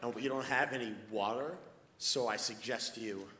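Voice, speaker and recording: Guy doing stand-up, goes from muttering to yelling, echoey hall, noisy. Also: normal speed. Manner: builds from low mutters to yelling rants. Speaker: stand-up comedian. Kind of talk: stand-up storytelling. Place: live comedy stage in a hall. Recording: echoey hall with background noise.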